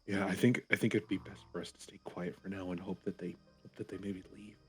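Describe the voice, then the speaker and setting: A man's voice: sits low, level tone, fast talker, darkish tone, faint music behind. A man taking part as a player in a tabletop game, chatting casually.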